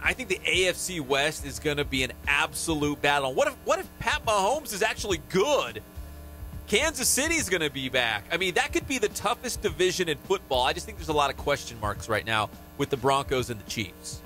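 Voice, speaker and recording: A young man hosts a sports radio show over a studio mic. His voice is bright and lively, swinging up and down as he hedges and jokes through casual chat, with faint music underneath. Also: fairly high pitch, a little fast. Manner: animated, joking, hedging with fillers. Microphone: studio microphone.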